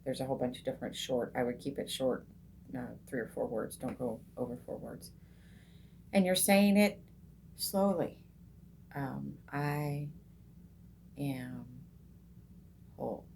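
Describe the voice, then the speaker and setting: A low-pitched, middle-aged woman coaches meditation in an easy, chatty way, stopping often with "um" and starting sentences over. When she leads the breath she slows right down and goes soft. A faint hum of room ambience sits under her voice. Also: gravelly. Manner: unhurried, many ums and restarts, soft and slow when guiding the breath. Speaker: meditation coach and group host. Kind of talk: casual teaching talk on meditation.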